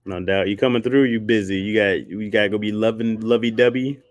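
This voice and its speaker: Slangy low-voiced male streamer. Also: fairly even intonation, a little fast, no room sound, clean studio sound. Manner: slangy, rambling, laughs often. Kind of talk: casual livestream chat.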